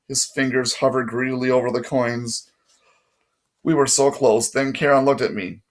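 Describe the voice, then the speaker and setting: A man's voice: mid-range voice, fairly even intonation, normal speed. A man narrating a first-person story in a plain reading voice, now and then correcting his own slips. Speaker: audiobook reader.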